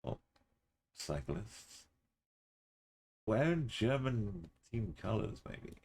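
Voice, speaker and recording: A man's voice: on the low side, very animated, very slow, a little mellow, breathy edge. A man streaming a geography game, muttering and thinking aloud in casual commentary, sometimes humming to himself.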